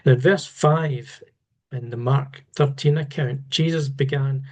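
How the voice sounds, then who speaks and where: Slow, halting man teaching. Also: medium pitch, steady tone, darkish tone. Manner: measured, halting, with repeated restarts. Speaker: Bible teacher. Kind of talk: unscripted Bible study talk.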